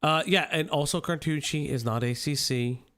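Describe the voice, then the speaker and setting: A man's voice: fairly high pitch, moderate pace, fairly bright tone, clean tone. A man with an Italian American accent doing reaction commentary, profane and mocking. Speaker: commentary streamer.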